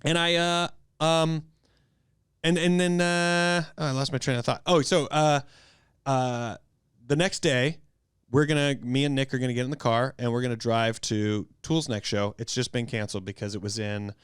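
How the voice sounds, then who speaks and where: A man hosting a podcast, telling a story in a casual, animated way and acting out the quotes. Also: normal speed, smooth, no room sound, studio quality. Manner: animated, acts out quotes with big pitch jumps. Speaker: podcast host.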